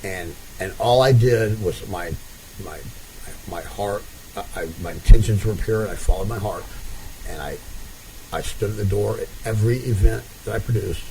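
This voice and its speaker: A man's voice: lowish voice, moderate pace, dark tone, slight background noise, rough recording. A man interviewing a couple in casual conversation, rambling and restarting as he tells stories. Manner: rambling storyteller with many restarts.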